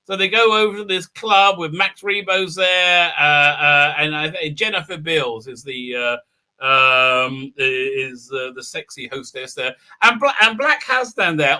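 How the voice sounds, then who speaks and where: A man with a high, very bright voice hosts a livestream. He recaps a show in a loose, rambling way, full of "uh, uh" fillers. He keeps breaking into mocking character voices. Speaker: host of a fan commentary livestream. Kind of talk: casual recap with mocking impressions.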